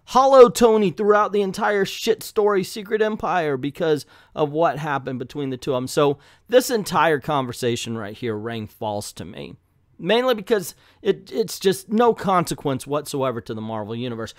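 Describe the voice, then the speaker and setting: A man's voice: fairly high pitch, animated, normal speed, no room sound, clean studio sound. A man with a slight Southern drawl, ranting bluntly and profanely as a comic book reviewer in an exasperated vlog.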